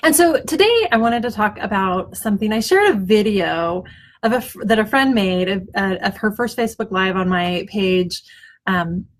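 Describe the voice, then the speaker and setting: A woman's voice: mid-range voice, lively intonation, normal speed. Chatty woman vlogging about self-talk. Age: middle-aged. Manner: chatty, warm-hearted, many ums and restarts; often glances at her notes. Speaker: web designer hosting a weekly mindset video. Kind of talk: casual self-help talk to camera. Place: at home, front yard noise outside.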